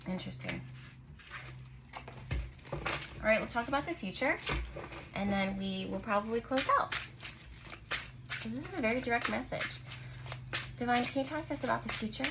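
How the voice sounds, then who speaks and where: A woman hosting her own channel, giving a casual tarot reading to camera in a soft, musing way, often pausing to say what she senses. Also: a little high, heavy background noise. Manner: musing, intuitive, lots of "like" and "I just heard". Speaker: tarot reader and channel host.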